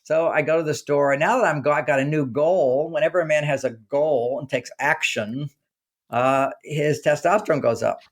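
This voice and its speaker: A man, an author being interviewed, talking casually and telling animated stories in which he acts out the dialogue. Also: a little high, moderate pace. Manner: animated storyteller acting out quoted dialogue. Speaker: author and guest.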